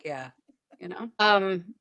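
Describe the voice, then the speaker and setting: A woman hosts a podcast conversation, wandering through anecdotes with a self-mocking, joking streak. Her voice sits at an ordinary pitch. The sound is dry and close, with no room around it. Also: expressive, takes it slowly, a bit bright, dry recording, highs cut off. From United States. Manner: rambling, joking storyteller. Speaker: podcast host. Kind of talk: casual chat.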